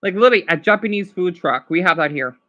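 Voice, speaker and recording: High bright-voiced man chatting on stream. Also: expressive, fast, dull audio. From Arizona, US. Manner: rambling, emotional, apologetic. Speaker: livestream host. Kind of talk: casual livestream chat with viewers.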